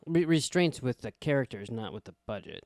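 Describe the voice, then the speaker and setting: A young man co-hosting a casual podcast chat, low-key and deadpan in his replies. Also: fairly quick, no room sound, clean studio sound. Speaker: podcast co-host.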